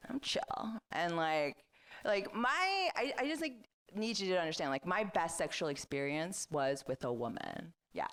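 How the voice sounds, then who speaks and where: A woman's voice: fairly low pitch, big pitch swings, measured pace, fairly bright tone. A woman in her thirties performing a stand-up comedy set on a club stage, chatty and self-deprecating, with lots of "like" fillers.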